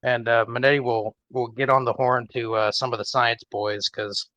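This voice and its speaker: A man's voice: medium pitch, flat delivery, moderate pace, sharp tone, dry recording, dull audio. A man describing his character's actions in a tabletop game, casually and with chuckles. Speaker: player.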